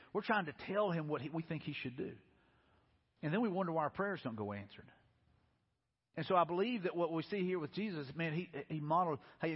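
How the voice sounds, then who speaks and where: Preacher, quick and chatty, slightly raised pitch, acts out the voices in his story. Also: breathy edge. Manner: conversational, acts out quoted voices. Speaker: pastor. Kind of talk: sermon. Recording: muffled sound in a reverberant hall.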